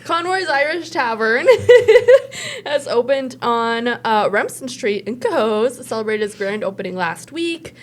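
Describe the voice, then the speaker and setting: Woman co-host, kinda high voice, giggly, laughs at herself, casual news chat.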